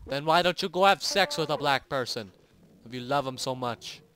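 Excitable young man gaming at home. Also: mid-range voice, moderate pace. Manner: excitable, loud yelps and swearing. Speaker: gamer and video host. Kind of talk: let's play commentary. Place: home at night.

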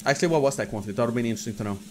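A man's voice: mid-range voice, rapid-fire, music in the background. A young man streaming casino games, commentating casually as he rambles, jokes and swears freely. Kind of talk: casual live gambling commentary.

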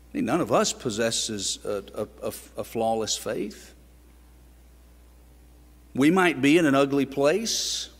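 A man's voice: medium pitch, breathy edge. A man preaching a sermon in a church, earnest and building up to emphatic rhetorical questions. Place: church sanctuary. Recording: long reverb of a church sanctuary.

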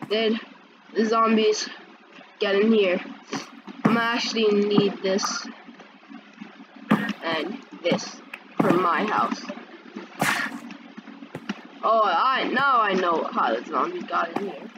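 A woman giving casual gameplay commentary, excitable and breaking into high panicked yelps. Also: slow, pauses often, very noisy. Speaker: gameplay video creator. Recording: loud game sounds behind the voice.

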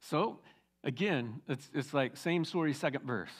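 A middle-aged man, a teaching pastor, retelling a Bible story in a casual, animated sermon full of asides. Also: fairly high pitch, a little slow.

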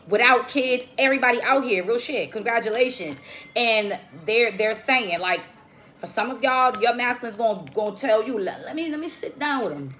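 A woman's voice: a little high, fairly bright tone. A woman giving a casual tarot reading in a slangy, profane, emphatic way, often checking in with "okay?". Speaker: tarot reader.

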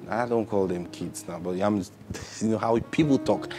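A man's voice: fairly low pitch, normal speed. A man preaching a sermon who asks rhetorical questions, repeats his phrases and acts out what people say.

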